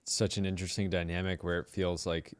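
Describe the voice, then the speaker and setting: A man's voice: low-pitched, flat delivery, brisk. A man co-hosting a tech podcast in casual chat, dropping wry, joking asides. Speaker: podcast co-host.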